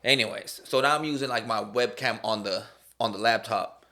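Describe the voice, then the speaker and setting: A man's voice: mid-range voice, normal speed, sharp tone, a little hiss or hum. A man hosting his own podcast from a room at home, chatting loosely in slang and telling stories. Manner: loose, slangy, storytelling with acted-out quotes. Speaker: podcast host. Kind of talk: casual chat.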